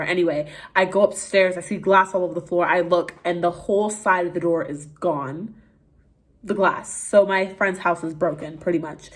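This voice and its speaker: A young woman from Canada, a vlogger telling a candid, animated story to her camera. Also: lowish voice. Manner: candid, animated storytelling with swearing and quoted voices. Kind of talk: casual story time.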